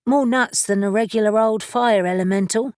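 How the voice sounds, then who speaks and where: A woman's voice: fairly high pitch, moderate pace, a little mellow, dry recording, studio quality, pitched above the performer's own voice, natural voice. A woman narrator voicing a wary young woman who sounds uneasy and cautious.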